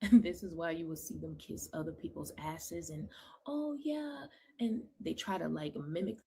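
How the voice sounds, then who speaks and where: Commentator from a clip; husky tone, emphatic and mocking. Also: medium pitch, steady tone, moderate pace, warm tone. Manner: emphatic, mimics others in raised voices. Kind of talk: video commentary.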